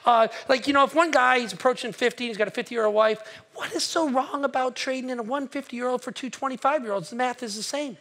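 A pastor voicing a sarcastic preacher persona who mockingly gives bad advice with exaggerated, higher, louder delivery. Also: male voice, animated, normal speed. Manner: sarcastic, exaggerated, mock-encouraging.

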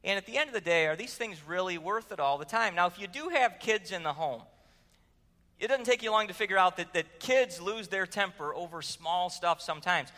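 A pastor preaches a sermon conversationally in a church sanctuary, asking the room questions and telling stories. His high-pitched voice is animated, brisk, pushed and bright, and the recording carries long hall reverb.

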